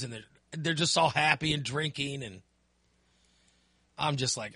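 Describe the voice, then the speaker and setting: A man's voice: a little high, moderate pace, long pauses, a bit bright, no echo. A middle-aged man hosting a podcast, ranting in casual chat with plenty of profanity and exasperation. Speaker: podcast host.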